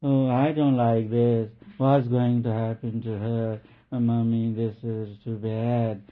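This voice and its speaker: A man's voice: mid-range voice, little pitch movement, slow pace, natural voice. A man voicing a frightened young girl whimpering at a movie. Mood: fearful. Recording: tinny phone-like lo-fi recording.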